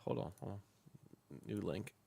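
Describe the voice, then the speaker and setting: A man's voice: normal speed, noisy background. A man hosting a casual live stream about pet snakes, talking loosely with a guest and his chat, laughing often and swearing freely.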